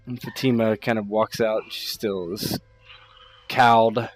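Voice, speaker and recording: A man's voice: lowish voice, fairly even intonation, unhurried, soft background music. A man narrating as game master in a tabletop game, casual and hesitant with fillers.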